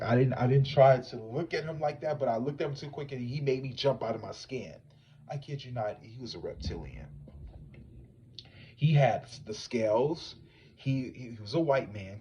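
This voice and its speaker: A psychic tarot reader tells his livestream viewers a story, casual and animated, swinging between hushed and loud. His mid-range voice has a breathy edge, and the recording is rough.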